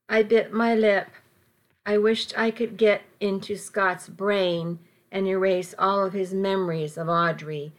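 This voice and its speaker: A woman narrating a first-person story in an audiobook, in a measured, quietly tense manner. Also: medium pitch, steady tone.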